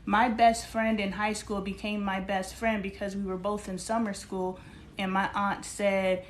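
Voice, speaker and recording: A woman's voice: medium pitch, fairly even intonation, measured pace, slight background noise. A woman hosting a live stream, musing aloud about friendship and asking her listeners questions. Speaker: livestream host. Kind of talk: reflective casual monologue.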